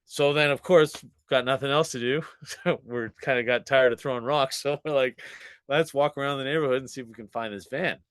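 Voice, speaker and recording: A man's voice: medium pitch, fairly even intonation, brisk, a bit bright, clear, resonant tone, no room sound. A man in his forties, a podcast guest telling a story in casual chat, swearing freely, laughing often and acting out what people said. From Canada. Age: 40s.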